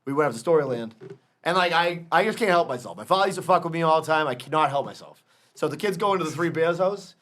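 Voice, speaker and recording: Man, a bit high-pitched, casual swearing storyteller, podcast co-host. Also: animated, fast, a bit bright. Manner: swearing, storytelling, "you know what I mean". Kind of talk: casual chat.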